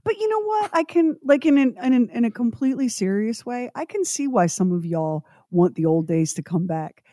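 A woman's voice: fairly high pitch, very animated, normal speed, dark tone, no echo, studio quality. A woman co-hosting a casual talk show, wry and joking. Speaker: podcast co-host. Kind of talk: casual chat.

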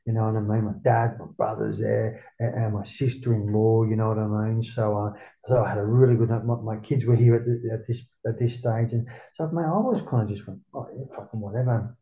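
Gravelly Australian guy, 40s, casual swearing storyteller, roomy lo-fi recording. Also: lowish voice, brisk. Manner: swearing, animated, acts out his own past lines. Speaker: interview guest. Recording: roomy, dull lo-fi sound.

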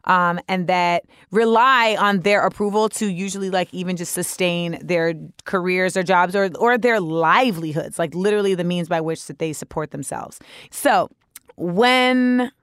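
A woman's voice: fairly low pitch, normal speed, fairly bright tone, clean tone, no echo, studio quality. A woman hosting a podcast, talking alone in a candid, opinionated way, with frank swearing and joking asides. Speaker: podcast host. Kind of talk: casual solo monologue.

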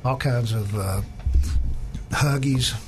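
A man on a radio show as a guest jeweler, eagerly selling his store's goods. He talks in loose, run-on lists and strings item after item together. A faint hum of ambience sits behind his mid-pitched voice. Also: slow. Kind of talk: casual radio chat.

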